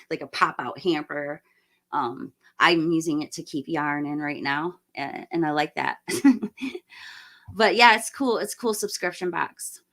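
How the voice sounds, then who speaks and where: Slightly hoarse woman chatting enthusiastically. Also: on the low side, fairly bright tone. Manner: chatty, enthusiastic, rambling with fillers. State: slightly hoarse, losing her voice. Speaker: livestream host. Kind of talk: casual live-stream chat.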